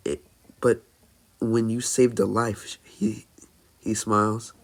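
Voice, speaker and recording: A man improvising a fan-fiction story as narrator, halting often with fillers and restarts. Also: fairly low pitch, level tone.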